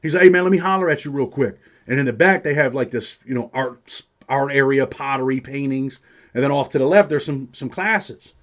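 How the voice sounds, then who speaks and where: A man's voice: mid-range voice, a little fast. Streetwise New man telling stories. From New York. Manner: streetwise, profane, peppers speech with "man". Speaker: host. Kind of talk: casual first-person storytelling.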